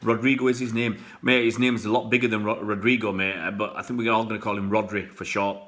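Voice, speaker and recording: A man's voice: on the low side, little pitch movement, fast talker, fairly bright tone. A man hosting a live football stream, greeting viewers and chatting loosely with many fillers and restarts. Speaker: football channel host. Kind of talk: live stream chat reading comments.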